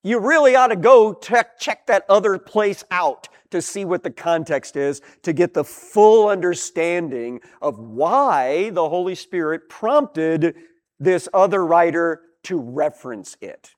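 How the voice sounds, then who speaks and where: A man's voice: high voice, lively intonation, measured pace. A man teaching a Bible lesson in a conversational, explanatory way, lifting his voice on key words.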